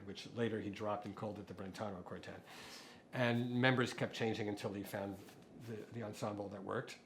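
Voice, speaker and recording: A middle-aged man, a composer guest, telling stories in a relaxed interview, with frequent fillers and restarts. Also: lowish voice, a little hiss or hum. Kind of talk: conversational interview.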